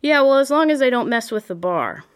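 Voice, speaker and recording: A woman reading the part of a gruff, blunt male poetry professor who mumbles and huffs out laughs. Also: high voice, animated, fairly quick, voice pushed up. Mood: grumbling. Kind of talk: audiobook character reading.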